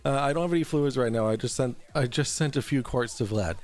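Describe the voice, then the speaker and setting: A man's voice: mid-range voice, fast, a little mellow, soft background music. A man hosting a casual livestream, reading out super chats in a loose, rambling way, swearing freely and laughing often. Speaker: livestream talk show host.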